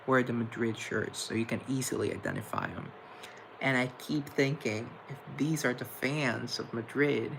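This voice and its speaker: Young male streamer, mid-pitched and a bit gravelly, chatty and campy as he reads out viewer comments. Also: fairly bright tone, a little hiss or hum, low-quality recording. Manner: chatty, playful and campy, with pet names for viewers. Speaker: livestream host. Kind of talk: casual chat reading viewer comments.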